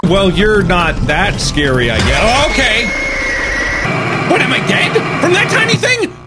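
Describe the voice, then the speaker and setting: A young man doing jokey let's-play commentary, excitable and often shouting at the game. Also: sits high, measured pace, very noisy. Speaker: gaming video host. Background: game music.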